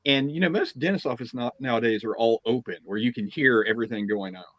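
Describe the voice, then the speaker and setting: A man co-hosting a podcast, telling a funny anecdote in a casual, lively way. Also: medium pitch, fast, no room sound, dull audio. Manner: animated anecdote-teller, chuckling through his story. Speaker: podcast co-host. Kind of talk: casual chat, storytelling.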